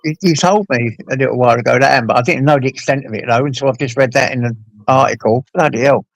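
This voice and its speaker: A man hosting a casual chat, talking bluntly with plenty of swearing and lively storytelling. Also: mid-range voice, fast, gravelly, dry recording, low-quality recording. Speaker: host.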